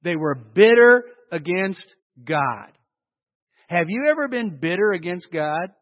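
A man preaching a sermon in a large church hall, animated and full of rhetorical questions. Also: high voice, takes it slowly. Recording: dull lo-fi with long hall reverb.

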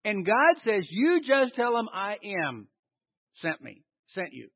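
A man's voice: high-pitched, slow pace, husky, no echo. A man preaching a sermon, quizzing his listeners with questions and answering them himself. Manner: animated, asks the congregation questions and answers them. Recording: dull lo-fi recording.

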